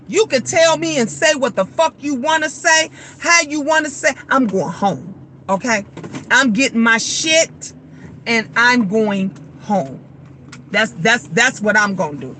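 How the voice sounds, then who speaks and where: Woman host, bright forceful voice, blunt and profane, live chat with faint background noise. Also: a little high. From Chicago. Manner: blunt, profane, animated venting. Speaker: livestream host. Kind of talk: casual livestream chat, reading comments.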